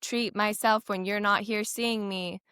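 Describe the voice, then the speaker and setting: Young woman guest, bright clear tone, close dry sound, teary but animated, chatty fillers. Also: medium pitch, a little slow, no room sound. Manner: tearful, animated, many "like" fillers, acts out quoted doctors. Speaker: guest, heart patient. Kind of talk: emotional conversational interview.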